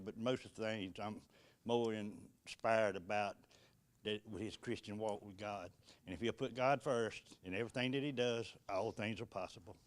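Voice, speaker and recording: An older man gives a short, earnest family tribute. His voice is low and smooth. He pauses and restarts now and then, and his words carry a devout tone. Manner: earnest, devout, slightly halting. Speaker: grandfather giving a family tribute.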